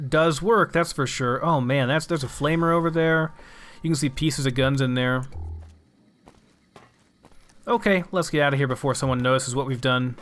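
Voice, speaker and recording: A man's voice: a little high, fairly bright tone. A young man casually commenting on his game, musing aloud and swearing now and then. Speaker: gamer.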